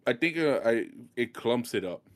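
Joking man with a lively voice. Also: mid-range voice, normal speed, no room sound, clean studio sound. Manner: joking, chimes in with quips. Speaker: podcast co-host. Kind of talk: casual chat.

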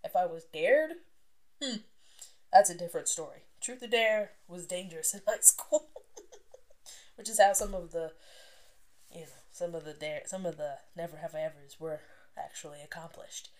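A woman's voice: lowish voice, moderate pace, long pauses, a little mellow. A young adult woman hosting a casual solo podcast, chatting freely, laughing often and sometimes dropping to a whisper. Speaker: podcast host.

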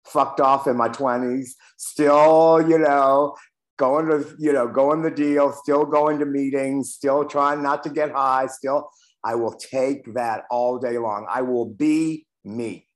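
A man's voice: mid-range voice, level tone, takes it slowly. A man in his sixties, reading aloud and then sharing candidly, with some profanity, about his own recovery. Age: 60s. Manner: candid, profane, self-deprecating. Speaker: recovery meeting member sharing.

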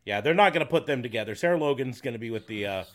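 An opinionated man co-hosting a casual podcast, arguing his points about wrestling storylines. He talks at an ordinary pitch, in a relaxed, conversational way. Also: very fast. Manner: opinionated, argumentative. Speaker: podcast co-host.

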